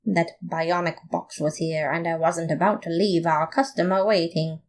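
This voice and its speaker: A woman reading a comic fan story aloud in playful, expressive first-person narration. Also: fairly low pitch, moderate pace, a little hiss or hum. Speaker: podfic reader.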